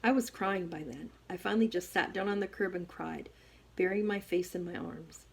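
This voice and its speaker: A woman reading a first-person novel aloud as an audiobook, with expressive storytelling. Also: fairly low pitch, moderate pace, creaky, breathy edge. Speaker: audiobook reader.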